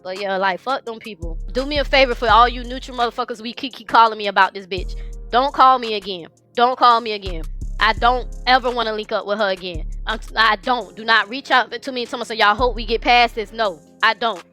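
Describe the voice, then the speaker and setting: High bright-voiced woman in a crying rant. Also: fast talker, few pauses, faint music behind. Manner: crying, swearing, raw. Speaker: live streamer. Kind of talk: emotional livestream rant.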